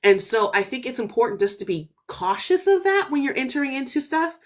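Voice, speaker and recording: A woman in her thirties telling a story on a podcast in a casual, animated way, full of "like" and "right?", her voice jumping up when she gets excited. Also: high-pitched, brisk. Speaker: author guest.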